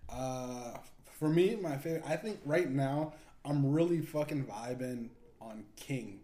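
A man's voice: medium pitch, a little slow, dark tone. A man hosting a podcast in casual, rambling chat, swearing and laughing often. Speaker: podcast host. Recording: echoey room, faint background noise.

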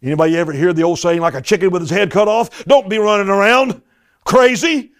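Guy preaching, reads the bible then keeps urging the crowd on, kinda high voice. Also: fairly quick. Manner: emphatic, exhorting, with repeated interjections to the audience. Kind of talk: sermon with scripture reading.

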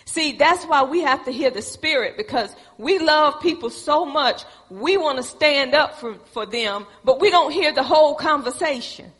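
A woman's voice: sits high, animated, normal speed, hardly any pauses, a bit bright. A woman preaching a sermon, folksy and calling on the congregation for responses. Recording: echoey hall with long reverb.

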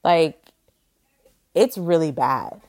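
A woman hosting a podcast, telling stories in a lively, casual way with lots of fillers. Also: low voice, drawn-out words. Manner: animated, filler-heavy storytelling. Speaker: podcast host. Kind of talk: casual chat.

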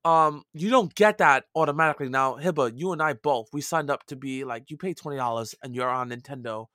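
A man's voice: mid-range voice, fairly quick, sharp tone, no room sound, clean studio sound. A man with a Brooklyn accent co-hosting a casual gaming podcast, chatty and loose, with mild swearing and frequent restarts. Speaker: podcast co-host.

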